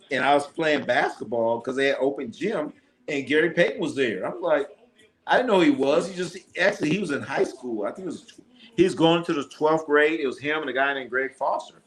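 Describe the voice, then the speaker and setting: A man hosting a casual live sports stream, telling animated stories in a slangy way and swearing freely. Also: fairly high pitch, brisk. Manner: animated storytelling, acts out his own lines.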